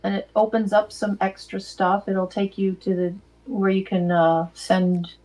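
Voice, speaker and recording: A woman's voice: mid-range voice, flat delivery, unhurried, a little mellow, poor audio. A woman co-hosting a casual livestream chat, giving helpful, matter-of-fact directions. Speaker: co-host.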